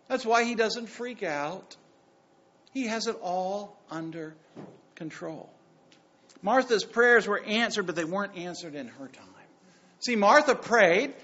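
A male pastor preaching a sermon, swinging between hushed lines and loud bursts and acting out the quotes. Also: sits high. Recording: dull lo-fi sound.

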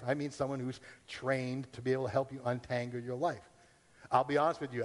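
A man pastor preaches in a relaxed, conversational way, at a middling pitch, often slipping into the voices of people questioning themselves. His words ring out with a long reverb, as from a church sanctuary. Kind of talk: sermon.

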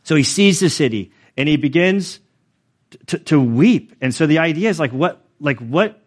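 A man preaching a sermon in a relaxed, conversational way, with light self-deprecating asides. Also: a little high, normal speed. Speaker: pastor.

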